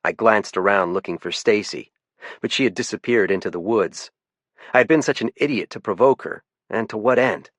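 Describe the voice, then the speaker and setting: A man giving measured, first-person scripted audiobook narration. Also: fairly low pitch, a bit bright, no echo.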